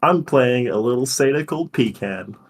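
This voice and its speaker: A man's voice: mid-range voice, animated, normal speed, husky. Unwell-sounding man player. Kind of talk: casual chat.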